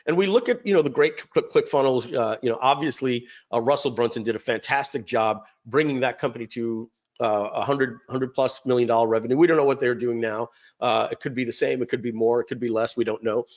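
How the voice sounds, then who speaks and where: A man's voice: medium pitch, a little fast, muffled recording. A man casually presenting his company's story in a rambling way, with many fillers and restarts. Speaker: company founder presenting a webinar. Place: home.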